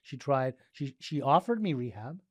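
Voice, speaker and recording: A middle-aged man from Southern California, a guest in a casual interview, telling his story with animated delivery and acting out the dialogue. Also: medium pitch, normal speed, husky, no room sound. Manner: animated, acts out dialogue, frequent "like" and restarts.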